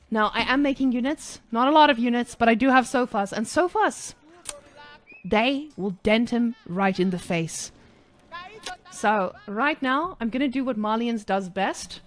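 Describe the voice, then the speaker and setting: A woman's voice: a little high, natural voice. A woman playing a cocky trash-talking male gamer persona, bragging in the first person while commentating.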